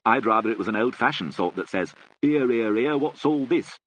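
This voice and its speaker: Man voicing a halting sardonic young man, nervous, bright. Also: medium pitch, expressive, slight background noise, pitched above the performer's own voice, lightly acted.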